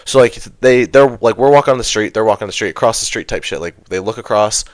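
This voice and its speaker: A man's voice: fairly low pitch, fast talker, dry recording. A young man co-hosting a podcast, chatting casually in a laid-back, rambling way. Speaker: podcast co-host.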